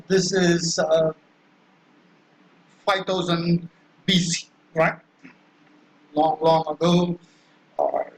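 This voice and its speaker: A man's voice: high-pitched, a bit bright, rough recording. A man giving a classroom lecture, explaining step by step with many fillers and constant "right?" check-ins. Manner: acts out quoted cries.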